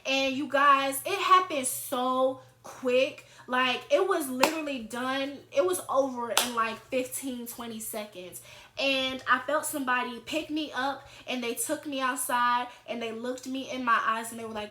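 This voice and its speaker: A young woman vlogger telling a storytime tale in an animated, chatty way. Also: high-pitched, measured pace, background noise. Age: young adult. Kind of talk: storytime vlog. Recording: echoey room.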